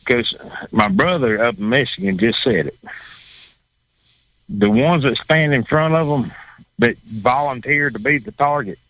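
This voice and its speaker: Man, Southern accent, blunt, profane, repetitive, mid-pitched voice. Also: lively intonation, measured pace, pauses often, a bit bright, dry recording, rough recording. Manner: blunt, profane, repeats himself. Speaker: guest, former bull rider. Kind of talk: casual talk show chat.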